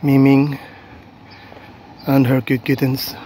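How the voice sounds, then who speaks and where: A man filming a casual vlog outdoors on a seafront, talking gently and coaxingly to stray cats while narrating on a handheld phone. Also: mid-range voice, completely flat delivery, slow pace, slight background noise. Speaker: vlogger feeding stray cats.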